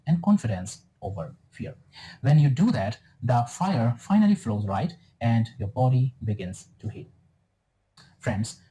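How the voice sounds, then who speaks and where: A male wellness guide speaking in a very dark, mellow tone at a middle pitch. He talks slowly and soothingly, reading step-by-step advice like a scripted meditation. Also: low-quality recording. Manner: calm, soothing, instructive. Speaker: wellness guru in a clip. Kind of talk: scripted spiritual self-help narration.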